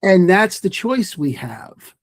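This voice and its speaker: Emphatic man, fairly high voice. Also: very animated, takes it slowly, creaky, dry recording. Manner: emphatic, storytelling, repeats phrases for effect. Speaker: guest, mindfulness teacher and author. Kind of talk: podcast interview.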